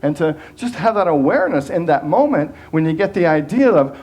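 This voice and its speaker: A man's voice: on the high side, big pitch swings, fairly quick, a little mellow. A man giving a sermon as minister, earnest and conversational, often restarting phrases and acting out quoted voices.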